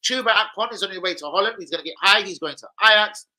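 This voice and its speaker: A man's voice: sits high, fast talker, pushed and bright, poor audio. A man hosting a football fan channel, hyper and slangy, swearing freely through casual chat and a transfer news roundup.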